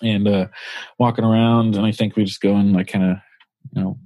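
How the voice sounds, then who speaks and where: A man's voice: on the low side, level tone, a little fast, dark tone, dry recording, dull audio. A man co-hosting a podcast, telling a long story in a casual, rambling, profane way full of fillers. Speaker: podcast co-host.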